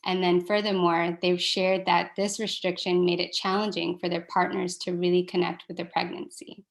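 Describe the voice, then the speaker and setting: A woman reading a prepared research presentation in a steady, measured way. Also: on the low side, creaky.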